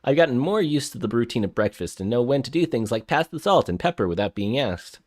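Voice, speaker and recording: A man's voice: mid-range voice, lively intonation, quick pace, darkish tone. A man streaming a story game live, chatting to viewers and reading the narration aloud, flustered and prone to repeating himself. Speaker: streamer playing a visual novel.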